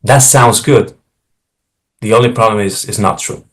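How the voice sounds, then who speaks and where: A man co-hosting a talk show, explaining and arguing his points in a measured, lecturing way. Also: on the low side, fairly bright tone. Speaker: podcast host and co-author. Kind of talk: explanatory monologue.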